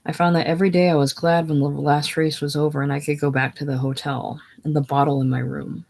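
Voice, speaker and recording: A reader voicing a weary, cynical man worn down by grief and drink, in a listless monotone, in a casual play reading. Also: mid-range voice, a little fast, creaky.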